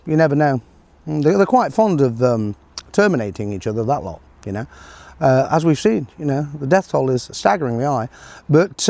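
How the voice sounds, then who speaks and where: A middle-aged man talks through his views in a loose, sarcastic monologue, trailing off into ums and brief chuckles. His voice sits a little high for a man. The recording is close and dry, with no room sound around him. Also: darkish tone, no room sound. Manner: sarcastic, rambling, with frequent fillers and chuckles. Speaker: political commentator. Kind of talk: casual solo commentary.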